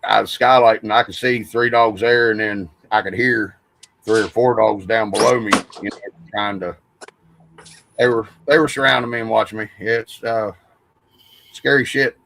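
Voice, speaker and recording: A man's voice: on the low side, steady tone, normal speed, creaky, noisy background. A man, rambling through stories in a casual podcast chat and swearing freely. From West Virginia. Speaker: podcast host.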